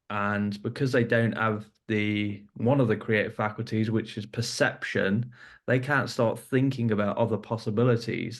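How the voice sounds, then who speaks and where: A man hosting a podcast, explaining his points earnestly and building them up with examples. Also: lowish voice. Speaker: podcast host. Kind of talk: podcast discussion.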